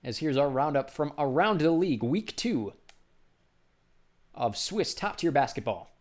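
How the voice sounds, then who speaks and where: A man doing basketball play-by-play commentary, briskly calling each pass and lifting his voice on big shots. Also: on the high side, animated.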